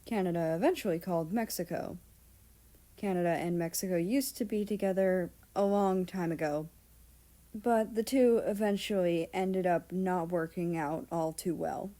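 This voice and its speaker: A woman's voice: fairly low pitch, normal speed, dark tone. A woman reading fan fiction aloud, narrating casually with offhand asides and the odd swear word. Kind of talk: storybook narration.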